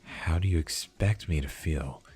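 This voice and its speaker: A bitter, betrayed young man, read aloud by a man in a low, husky, dark voice. His words turn pleading and sarcastic. Faint music plays behind. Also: a little slow, exaggerated voice. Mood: distraught. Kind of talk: reading a visual novel aloud.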